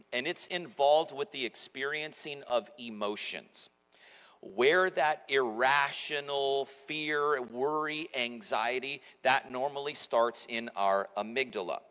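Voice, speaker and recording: A man's voice: mid-range voice, a bit bright. A pastor in his forties preaching a sermon in a conversational, self-mocking storytelling manner. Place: church auditorium. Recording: echoey church hall.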